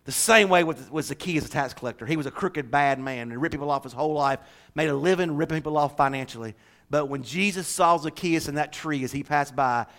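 A man pastor preaching a sermon in a church, animated, shifting from loud declarations to hushed asides with jokes. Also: on the high side. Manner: animated, swings from shouting to hushed, joking asides.

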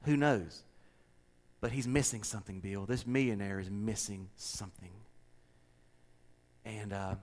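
A middle-aged man with a Southern US accent, a pastor chatting casually and telling a story with animated delivery and repeated words. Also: fairly low pitch, unhurried, pauses often. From American South. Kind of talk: casual chat with co-hosts.

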